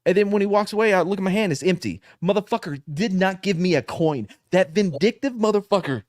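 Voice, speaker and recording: A man in the middle of a rambling story, his pitch swinging up and down as he puts on other people's voices and laughs at his own punchlines. His voice is recorded close and dry, with no room sound. He swears freely and keeps the tone loose and conversational. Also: a little fast, dry recording. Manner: animated storyteller, acts out voices, laughs often. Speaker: podcast co-host, veteran. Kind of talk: casual storytelling with profanity.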